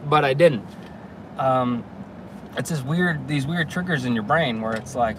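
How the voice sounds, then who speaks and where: A man's voice: mid-range voice, a little slow. A young man telling a story casually while he drives, full of fillers and restarts. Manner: rambling, casual, many fillers. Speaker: vlogger. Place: car, driving. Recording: clear road and traffic noise.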